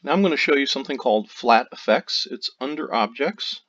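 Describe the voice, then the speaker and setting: A man narrating a software tutorial, walking through steps one by one with loose, casual phrasing. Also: mid-range voice, a little fast. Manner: steady step-by-step explaining, loose phrasing. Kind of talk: screen-recorded tutorial narration. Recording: dull lo-fi audio.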